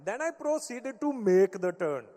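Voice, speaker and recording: A man's voice: sits high, sing-song, a little slow, warm tone. A man putting on a huffy older dad with an Indian accent. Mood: defensive. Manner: stubborn, huffy, pedantic insistence. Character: indignant older immigrant dad with thick accent. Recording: live stage in reverberant hall.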